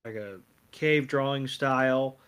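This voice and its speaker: A man co-hosting a casual podcast, recapping scenes in a rambling way with dry, deadpan quoted lines. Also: medium pitch, unhurried, smooth. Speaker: podcast co-host.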